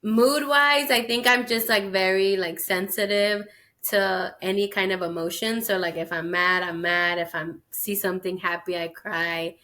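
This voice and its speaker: A woman's voice: medium pitch, fairly even intonation, unhurried, pushed and bright. A woman in her thirties co-hosting a podcast, chatting candidly and telling personal stories. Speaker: podcast co-host. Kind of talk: casual chat.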